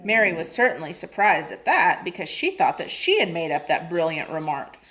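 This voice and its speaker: A woman's voice: on the low side, normal speed. A woman expressively reading a children's chapter book aloud. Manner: expressive, lively. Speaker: reader.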